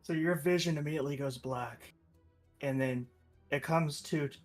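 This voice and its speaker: A man's voice: fairly high pitch, faint music behind. Man narrating as game master. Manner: descriptive, deliberate storytelling.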